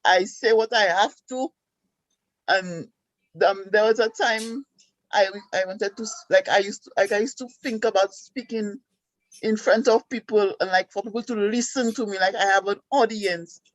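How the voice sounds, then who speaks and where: A woman from Saint Lucia with a Saint Lucian accent, calling in and telling her story in an excited, chatty way with lots of fillers. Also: medium pitch, moderate pace, dry recording, poor audio. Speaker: caller. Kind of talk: casual call-in chat.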